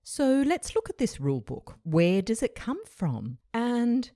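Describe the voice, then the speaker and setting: A woman's voice: a little high, very animated, measured pace, mellow, dry recording, studio quality. A woman hosting her own podcast, talking in a chatty, reflective way with frequent light laughs. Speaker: podcast host. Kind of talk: casual solo podcast chat.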